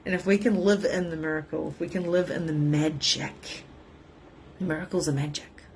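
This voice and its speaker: A middle-aged woman, a spiritual coach, talking casually to her viewers in an animated way, often laughing and swearing. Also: sits low, normal speed, a little hiss or hum. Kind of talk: casual livestream talk to viewers.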